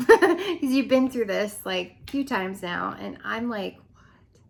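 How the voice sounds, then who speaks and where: A woman with a fairly high voice talks to camera in a casual vlog rant, lively and chatty. She laughs often and slips into hushed, dramatic whispers. Her voice sounds a little worn from talking so much. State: losing her voice. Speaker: direct-sales consultant.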